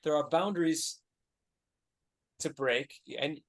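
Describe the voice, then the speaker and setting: A man with a New Zealand accent improvising comedy in a deadpan way, stretching words for emphasis. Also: fairly high pitch, takes it slowly.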